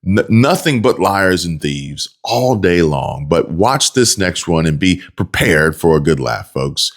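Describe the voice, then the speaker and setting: Deep-voiced man in mocking commentary. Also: expressive, a little slow. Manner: mocking, sarcastic. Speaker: commentary channel host. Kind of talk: political commentary voice-over.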